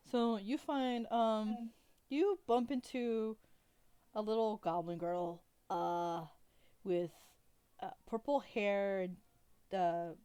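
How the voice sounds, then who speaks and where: A woman narrating a tabletop role-play game as game master, rambling with many pauses and restarts. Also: medium pitch, mellow, clear, resonant tone.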